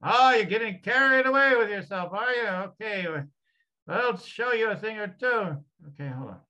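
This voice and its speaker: A man's voice: high voice, animated, normal speed, pushed and bright, highs cut off, pitched above the performer's own voice. A man channeling a grumbling ancestral spirit. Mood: gruff. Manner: rambling, mock-grumpy, channeled voice. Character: grumbling male ancestral spirit, wary of thieves.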